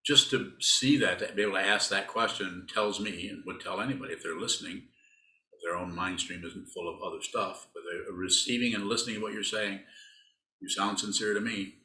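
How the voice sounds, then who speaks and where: A man, a Buddhist teacher, talks through a dharma talk in a rambling, teasing, conversational way. His voice sits low and sounds forceful and bright, and the room around him is echoey. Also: steady tone, a little fast. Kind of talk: dharma talk answering students.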